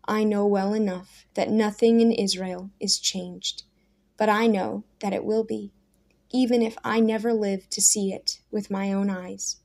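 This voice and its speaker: A woman reading aloud and voicing a humble, poor man who speaks slowly and steadily with quiet conviction. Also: mid-range voice, fairly even intonation, vocal fry. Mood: calm, steady.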